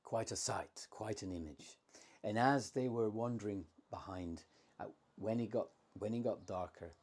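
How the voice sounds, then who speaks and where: A man telling an old myth aloud, unscripted, dropping to a hush at tense moments. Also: fairly low pitch, measured pace. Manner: unscripted, drops to a hushed tone for tension. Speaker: storyteller. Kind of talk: oral myth storytelling.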